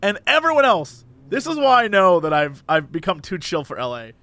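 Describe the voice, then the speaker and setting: A young man chatting casually on a podcast, with a high, bright voice. He tells stories with energy and keeps jumping into quick impressions of the people in them. The recording is close and dry. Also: dry recording. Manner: animated storyteller who acts out quoted voices. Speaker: podcast co-host. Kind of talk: casual chat. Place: Los Angeles area.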